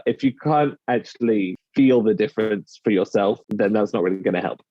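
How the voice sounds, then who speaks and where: With a fairly low, mellow voice and a fairly quick pace, a British dialect coach describes his job in conversation, acting out quoted phrases. The recording has slight background noise and a somewhat dull lo-fi quality.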